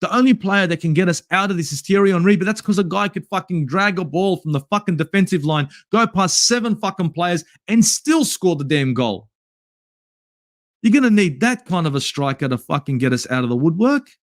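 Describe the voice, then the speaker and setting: A man's voice: high voice, expressive, fairly quick, dry recording, clean studio sound. An Australian man hosting a football channel, angrily ranting through a match review with plenty of swearing. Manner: angry, swearing, exasperated ranting. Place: home in Sydney at night.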